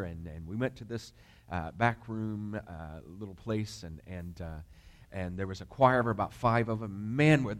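Man, pastor, sermon storytelling, lowish pitch, conversational, lots of fillers, asks congregation questions.

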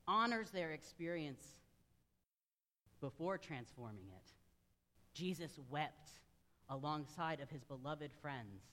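A man's voice: a little high, a bit bright. A man preaching a sermon in a church, earnest and conversational, speaking directly to his congregation. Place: church sanctuary. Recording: long reverb of a large room.

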